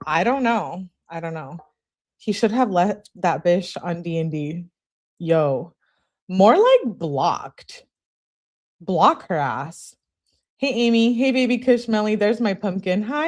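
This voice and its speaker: A woman's voice: fairly low pitch, a little mellow. A woman hosting her channel, reading text messages aloud in a casual way and adding blunt, profane asides while greeting viewers. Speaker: channel host reading case evidence.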